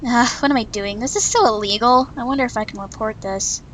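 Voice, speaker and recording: Brief: stubborn, earnest young woman narrating a visual novel, read by a woman, slightly high voice. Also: fairly quick, fairly bright tone, slight background noise, lightly acted, low-quality recording. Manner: indignant, earnest narration in first person. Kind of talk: reading a visual novel aloud.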